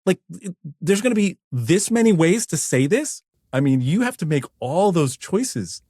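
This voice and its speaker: A man hosting a podcast, talking bluntly and excitedly, swearing freely in casual chat. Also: sits high, normal speed, husky, no room sound, studio quality. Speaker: podcast host.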